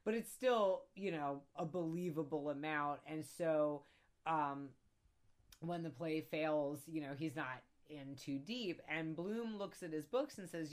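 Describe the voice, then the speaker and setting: A woman co-hosting a casual film discussion podcast, animated, acting out quotes as she laughs. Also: sits low, measured pace. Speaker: podcast co-host.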